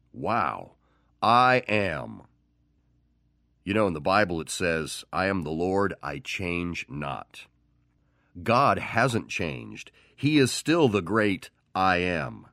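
A man's voice: low voice, sing-song, takes it slowly, a bit bright, no room sound, studio quality. A man preaching a sermon, who tells the story with animation and acts out the voices of the people in it.

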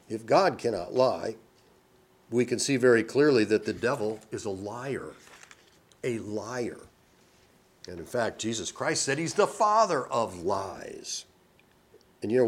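A man preaching a sermon, reading scripture aloud with rising emphasis and then explaining it in a lower, conversational tone.

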